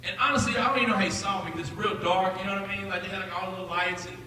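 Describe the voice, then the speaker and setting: A man, telling a lively testimony to students as guest speaker in a school chapel. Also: high voice, very fast. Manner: animated, acts out voices. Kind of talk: storytelling testimony. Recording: echoey hall from far off.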